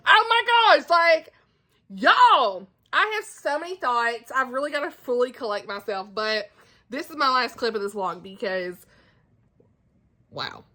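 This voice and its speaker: A woman's voice: high-pitched, sing-song, measured pace, sharp tone. A woman vlogging casually into her phone camera at home, gushing and laughing about a book. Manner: gushing, emotional, laughs often, says like a lot. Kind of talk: casual reading vlog to camera. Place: at home indoors.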